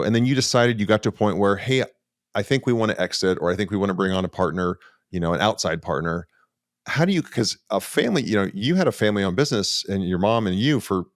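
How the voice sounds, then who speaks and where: Excited middle-aged guy hosting a podcast, lowish voice, dry close mic. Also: no echo. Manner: enthusiastic, filler-heavy, animated. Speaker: podcast host. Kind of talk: casual interview conversation.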